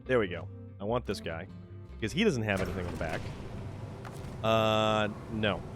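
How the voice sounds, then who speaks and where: Over music, a man streams a truck game, rambling casually and muttering to himself about his moves with self-amused commentary. His voice is on the low side at a normal speed.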